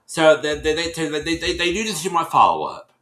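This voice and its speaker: A man's voice: on the high side, sing-song, moderate pace, sharp tone, reverberant, low-quality recording. A man hosting a casual recap of a reality show, rambling and repeating himself as he acts out what people said. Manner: rambling, repeats and restarts phrases; acts out quoted people in shifting voices.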